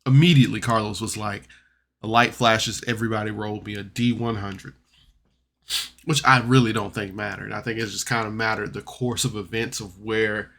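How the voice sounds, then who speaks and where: A man's voice: on the low side, steady tone, moderate pace, a bit bright. A man casually recapping a tabletop game episode for a podcast, rambling and chatty, full of fillers and restarts. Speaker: podcast reviewer.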